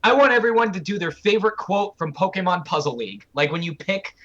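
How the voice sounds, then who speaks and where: A man's voice: high voice, lively intonation, quick pace, fairly bright tone, highs cut off, slight background noise. A man, a voice actor, chatting animatedly on a podcast and dropping into character voices. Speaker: voice actor guest. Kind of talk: casual podcast chat.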